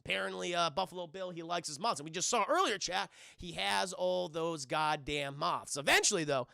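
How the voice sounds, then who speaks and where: A man's voice: high voice, a little fast, creaky, pushed and bright, dry recording, studio quality. A young man streaming a casual, profane film breakdown, chatting to his viewers as he goes. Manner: profane, chatty, keeps addressing chat.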